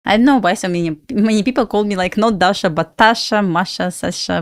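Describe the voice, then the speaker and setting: A woman from Belarus, speaking with a Belarusian accent, hosts a trading livestream, chatting casually, reading viewers' questions aloud, answering them, and laughing often. Her mid-range voice moves fairly quickly, recorded in studio quality with no room sound.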